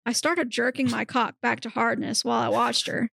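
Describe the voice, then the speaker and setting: Gravelly woman narrating a comic reading. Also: a little high, fairly even intonation, normal speed, fairly bright tone, no room sound, studio quality. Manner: straight-faced narration, breaks into giggles. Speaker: podcast host narrating. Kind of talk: comedic reading of erotic fiction.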